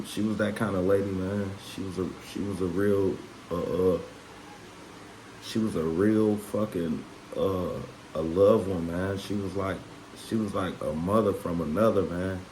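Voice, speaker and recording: A man with a fairly low voice spins a loose personal story for his camera, swearing freely and tagging his sentences with filler phrases. He sounds relaxed and conversational, and he gets louder and more fired up as the story heats up. A faint hiss sits behind him. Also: poor audio. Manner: rambling and profane, with constant "man" and "you know what I'm saying"; gets louder and more worked up when telling of the fight. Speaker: vlogger.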